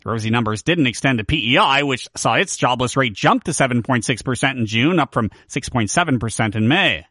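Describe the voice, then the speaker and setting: A man reading the local news as a radio anchor, in a steady, measured delivery. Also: mid-range voice, dry recording, studio quality.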